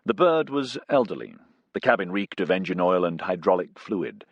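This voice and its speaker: A man narrating a science fiction audiobook in an expressive reading style. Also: low-pitched, moderate pace, breathy edge, dry recording, muffled recording.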